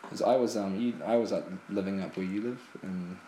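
A man co-hosts a casual podcast chat, rambling through a story with many ums. His voice sits low. It comes from an echoey room with a faint hiss behind it. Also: fairly even intonation, a little fast, mellow. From New Zealand. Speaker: podcast co-host.

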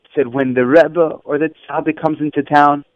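A man teaching schoolchildren through stories, lively and acting out the voices of people in them. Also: moderate pace, no echo. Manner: animated, acts out quoted voices with raised pitch. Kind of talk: storytelling lesson. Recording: dull lo-fi, dry.

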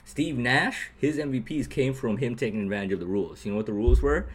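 A man co-hosting a sports podcast, talking in a rambling, animated way, laughing often and asking "you know what I mean" again and again. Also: mid-range voice, fast, breathy edge. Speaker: podcast co-host. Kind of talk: casual sports chat.

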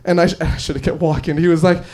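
A man's voice: a little high, fairly even intonation, fast talker, warm tone. A young man doing a stand-up comedy set, telling stories with lots of fillers and laughing along. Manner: storytelling, with frequent fillers and laughs. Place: comedy club stage.

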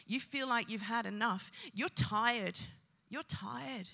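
A woman's voice: on the high side, slow pace, gravelly, sharp tone. A woman pastor preaching a sermon with emphasis, repeating her key phrases. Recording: long hall reverb.

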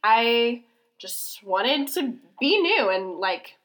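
A woman's voice: fairly high pitch, sing-song, drawn-out words, fairly bright tone. A young woman guesting on a podcast, chatting casually and laughing often. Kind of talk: casual chat.

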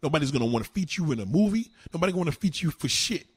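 A man's voice: a little high, expressive, rapid-fire, husky, no echo. A man doing a heated, mocking, heavily profane rant on his live stream. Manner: heated, mocking, swears constantly.

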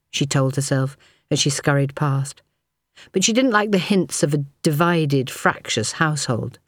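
A woman's voice: low voice, lively intonation, a little slow, dry recording. Dry, close woman narrating an audiobook.

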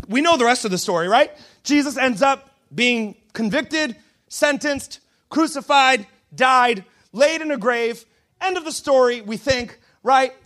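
A man's voice: very high-pitched, a bit bright. A man preaching a sermon in a casual, slangy storytelling manner. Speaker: pastor.

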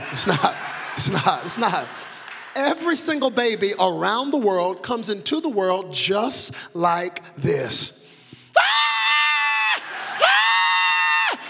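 Young male preacher, high-pitched, call-and-response delivery; church hall reverb, faint music bed. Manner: call-and-response preaching, swings from soft talk to shouted climaxes. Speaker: pastor. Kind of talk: sermon. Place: large church sanctuary. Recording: long hall reverb with organ music behind.

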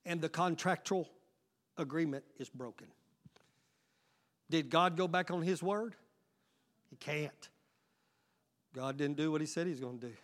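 High-voiced man preaching a sermon. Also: a little slow, pauses often. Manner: emphatic preaching, swinging between loud exhortation and quiet asides; frequent call-outs to the congregation. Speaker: pastor.

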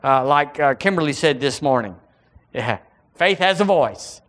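A male pastor with a Southern American accent preaches at normal speed in an expressive, slightly bright voice on the high side. He reads scripture aloud in a lifted, dramatic voice, moving between that and plain, folksy, conversational asides.

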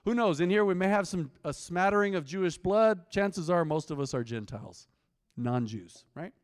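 A man's voice: high voice, lively intonation, moderate pace, smooth. A man preaching an interactive sermon, reading scripture aloud and teasing and quizzing his congregation. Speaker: pastor. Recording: long hall reverb.

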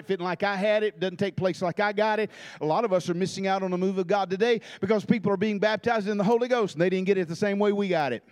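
A man preaches a fervent church sermon in a notably high voice. He drives his points with repeated phrases and stammering restarts. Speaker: guest preacher. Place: church sanctuary.

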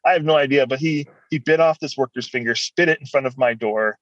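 A man's voice: medium pitch, a little fast, no echo. Man telling a rambling story, muffled audio. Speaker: guest. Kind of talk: personal storytelling in conversation.

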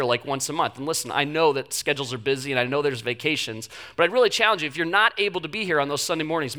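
A male pastor preaches in a loose, chatty way, leaning on fillers as he tells the story. His voice sits high for a man and has a bright, forceful edge. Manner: animated, conversational storytelling with frequent fillers. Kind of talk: sermon.

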